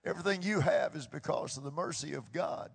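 High-voiced man preaching in a hall. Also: fairly quick, gravelly, husky. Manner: impassioned preaching, swings from hushed to loud; repeats phrases for emphasis. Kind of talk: sermon. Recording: long hall reverb.

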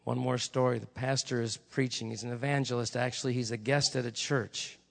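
A man's voice: mid-range voice, flat delivery, fairly quick, vocal fry, long reverb tail. A male preacher telling stories during a sermon, in a chatty, conversational way with asides to the congregation.

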